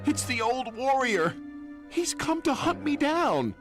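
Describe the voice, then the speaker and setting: A man's voice: extremely high pitch, very animated, takes it slowly, music in the background, voice pushed up, exaggerated voice. A man voicing a nervous, timid little tank engine from a storybook that stutters and frightens easily. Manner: stuttering, jumpy.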